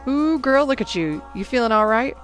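A sassy schoolgirl best friend, as a woman reading the story puts her on, teasing in a quick, lively way. Her voice runs a touch higher than the reader's own. Soft music plays faintly behind. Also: natural voice.

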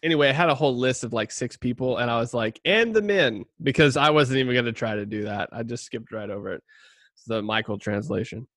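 A man's voice: medium pitch, steady tone, fast talker, fairly bright tone, no echo, clean studio sound. A man hosting a casual podcast, a former youth pastor who rambles with many fillers, jokes at himself and reads scripture aloud on a cheap mic. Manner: rambling, self-deprecating, many fillers and laughs. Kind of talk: casual chat and scripture reading. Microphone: cheap budget mic.

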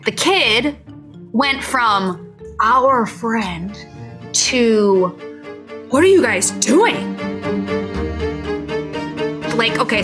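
A woman casually telling a story as a guest, animated and chiming in with laughs. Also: fairly high pitch.

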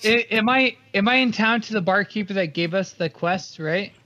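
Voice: medium pitch, moderate pace, sharp tone. Rambling tabletop player on a dull call. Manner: rambling questions with restarts. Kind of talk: casual tabletop game chat.

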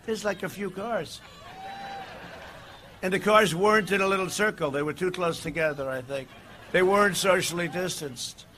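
Rally speaker, male, meandering delivery with punchy shouts and quiet asides, voice a touch high and cutting. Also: normal speed, slight background noise. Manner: rambling, digressive, swings between shouting and muttering. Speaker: political candidate at a rally. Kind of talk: campaign rally speech. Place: outdoor rally.

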